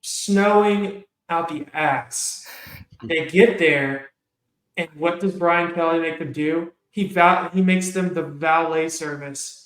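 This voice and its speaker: A man's voice: on the high side, slow, fairly bright tone. A man co-hosting a casual sports podcast, ranting heatedly and telling stories. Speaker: podcast co-host. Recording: echoey room.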